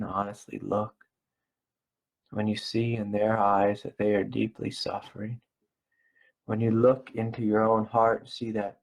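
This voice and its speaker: A middle-aged man giving a gentle, slow spiritual talk as a meditation teacher, repeating phrases softly. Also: fairly low pitch, vocal fry. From United States. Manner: slow, gentle and soft-spoken with repetitions.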